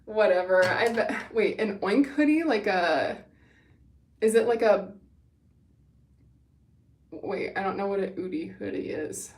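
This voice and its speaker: A woman's voice: mid-range voice, measured pace, long pauses, a little mellow, far from the mic. A young woman hosting a casual livestream, bubbly and gushing as she chats with viewers, a little winded. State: winded from running. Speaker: livestream host. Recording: echoey room, away from the mic.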